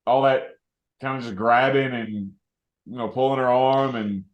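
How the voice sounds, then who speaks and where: A man hosting a podcast in a relaxed, rambling, casual chat. His voice sits in the middle range and carries a noticeable roomy echo. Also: mid-range voice, measured pace, dull audio. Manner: relaxed, rambling, laughs often. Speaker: podcast host. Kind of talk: casual film discussion.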